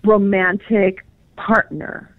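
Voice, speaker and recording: A woman's voice: medium pitch, flat delivery, slow pace, dry recording. A woman from California, a guest on the phone, chatting casually with many fillers and easy laughs. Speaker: pet psychic guest. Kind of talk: casual interview chat. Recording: tinny phone line.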